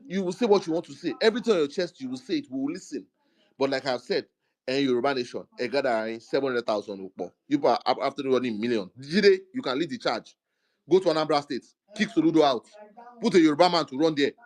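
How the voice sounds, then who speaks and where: A man lecturing forcefully in a heated live discussion, mixing in Yoruba phrases. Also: medium pitch, quick pace. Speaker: speaker in an online audio discussion.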